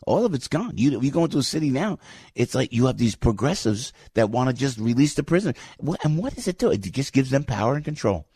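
A man hosting a talk radio show, giving a fired-up, rambling opinion monologue that swings from loud outbursts to low asides. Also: sing-song, fast, slightly rough, no echo, studio quality.

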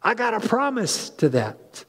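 A man preaching a conversational sermon as pastor, animated and chatty with frequent asides and restarts. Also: high-pitched, measured pace, breathy edge, in a large hall.

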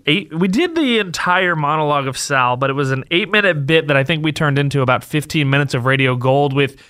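A man's voice: fairly high pitch, fairly quick, smooth. A man co-hosting a casual radio podcast, sounding stuffy and nasal, telling stories with lots of laughter. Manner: animated, laughing storyteller. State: stuffy nose. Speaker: radio co-host.

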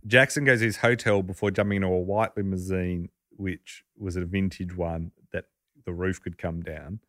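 A man's voice: deep voice, steady tone, normal speed, fairly bright tone, no echo, clean studio sound. A man hosting a podcast, telling a story in a casual, chuckling, conversational way.

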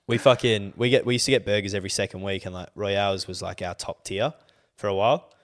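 Young Australian man, low-pitched, animated, sweary podcast banter. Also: fast. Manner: animated, swears a lot, gets loud when worked up. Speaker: podcast co-host. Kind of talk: casual chat.

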